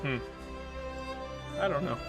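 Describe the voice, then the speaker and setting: A man's voice: on the high side, takes it slowly, over music. A man casually commenting on a strategy game while streaming, rambling, mocking himself and reading chat messages aloud.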